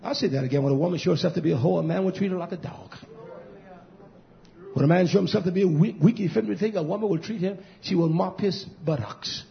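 A man preaching with fire, his fairly high voice climbing into shouts and then sinking to hushed near-whispers. He repeats his points with insistent emphasis. The recording is dull and lo-fi. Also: quick pace, gravelly. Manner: emphatic, repetitive preaching cadence. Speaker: pastor. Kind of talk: sermon.

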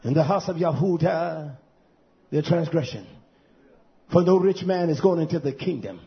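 A man's voice: lively intonation, moderate pace. Fiery man preaching, lo-fi. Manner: preaching with rhythmic "uh" fillers, rising to shouts then dropping low. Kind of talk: fiery sermon.

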